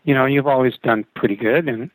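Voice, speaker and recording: A man's voice: medium pitch, fairly even intonation, a little fast, dry recording, close to an everyday voice, poor audio. A man doing a doubtful, skeptical brother. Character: skeptical supportive adult brother.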